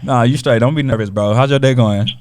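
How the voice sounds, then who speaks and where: Man, podcast host, casual call-in chat, slangy, teasing, mid-pitched. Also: fast, a little mellow. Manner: laid-back, slangy teasing.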